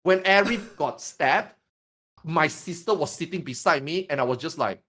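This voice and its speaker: A man from Singapore in casual podcast chat, telling stories in an animated, profane, emphatic way. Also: on the high side, moderate pace.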